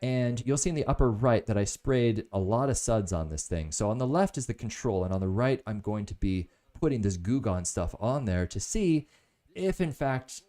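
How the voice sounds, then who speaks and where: A man's voice: on the low side, animated, normal speed, dark tone. A man hosting a casual live product review, enthusiastic and rambling into stories.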